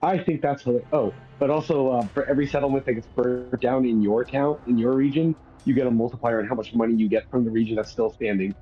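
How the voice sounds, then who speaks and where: A man's voice: medium pitch, steady tone, fast, few pauses, muffled recording, faint music behind. A man chatting casually, rambling through an explanation and laughing at his own points. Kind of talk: casual chat.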